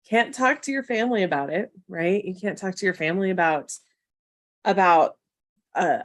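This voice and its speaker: A woman's voice: mid-range voice, no room sound, studio quality. Chatty, encouraging woman on a live stream. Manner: chatty, encouraging, with tough-love asides. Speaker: marketing coach hosting a live Q&A. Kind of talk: casual live-stream talk to viewers.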